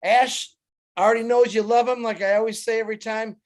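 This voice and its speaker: Guy co-hosting a webinar call, brisk, to the point. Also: high-pitched, fairly even intonation. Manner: brisk and direct. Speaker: co-moderator. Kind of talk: live webinar moderation. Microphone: video call.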